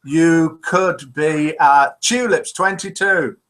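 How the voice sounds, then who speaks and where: Host, male, Midlands English accent, older; bright, chatty voice reading listener messages. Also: a little high, takes it slowly, low-quality recording. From England. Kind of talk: live call-in show chat.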